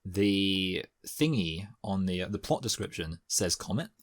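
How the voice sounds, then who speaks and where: A man's voice: low voice, lively intonation, unhurried, no echo, studio quality. A man co-hosting a movie review podcast in casual chat, rambling loosely with lots of filler words.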